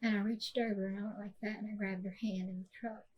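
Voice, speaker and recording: A woman, hosting a podcast and telling a personal story softly, with many fillers and restarts. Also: mid-range voice, flat delivery, fast talker, lo-fi sound, slight background noise. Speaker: podcast host.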